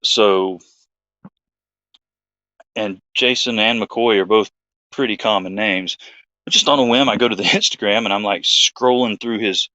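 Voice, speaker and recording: A man's voice: fairly low pitch, measured pace, long pauses, sharp tone, no echo, lo-fi sound. A man, hosting his own show, telling a story in a rambling, laid-back chat full of fillers. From Georgia, USA. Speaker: host.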